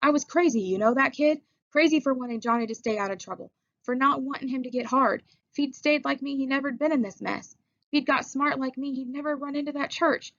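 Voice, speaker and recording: A woman's voice: high-pitched, brisk, a bit bright, no echo, lo-fi sound, pitched above the performer's own voice. A woman voicing a hotheaded tough greaser boy. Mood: raving. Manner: urgent, clipped and commanding. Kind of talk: audiobook character voice.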